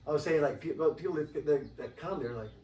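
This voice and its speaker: A man talking casually as an interview guest, rambling and animated and acting out the voices of people he quotes. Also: fairly high pitch, quick pace. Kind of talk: casual conversation. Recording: roomy, distant mic, faint ambience.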